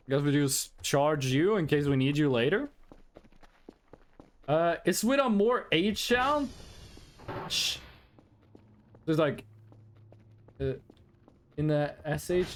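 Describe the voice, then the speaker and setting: A man from Norway with a Norwegian accent chats casually on a live stream. He rambles between laughs and swears, and his fairly high voice leaps up and down. A faint hiss runs under the recording. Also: very animated, slow pace, pauses often.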